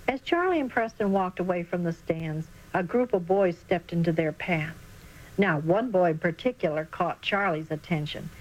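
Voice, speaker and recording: A woman narrating a children's Christian storybook in an expressive reading voice. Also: fairly low pitch, low-quality recording.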